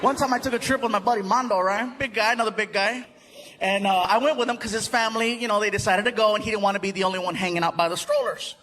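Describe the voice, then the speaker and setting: Brief: high-pitched male stand-up comic, animated storyteller, live recording with noise. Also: fast. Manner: animated, loud, playful voices and sound effects. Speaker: stand-up comedian.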